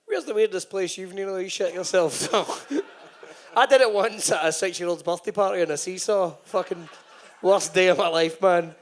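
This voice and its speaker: A man's voice: high voice, normal speed. A man hosting a live podcast event on stage, trading joking, profane banter. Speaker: podcast host.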